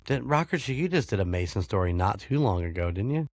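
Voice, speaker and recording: An American man hosts a casual chat podcast in a low, very animated voice, talking fast, swearing freely, and laughing often. The sound is studio quality with no echo.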